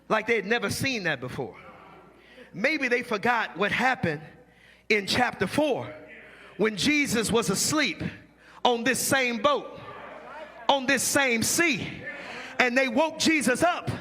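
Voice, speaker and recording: A man preaching a sermon in a church, with a call-and-response cadence, filler "uh"s and shouted phrases to the congregation. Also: very high-pitched, animated, measured pace. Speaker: pastor. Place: church sanctuary.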